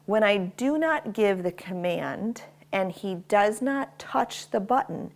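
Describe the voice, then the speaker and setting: A woman's voice: fairly low pitch, gravelly. A woman dog trainer explaining commands and praising her dog as she works him. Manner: praises the dog warmly and often in a bright raised voice. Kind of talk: instructional dog training demo. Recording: faint background noise with clicker clicks.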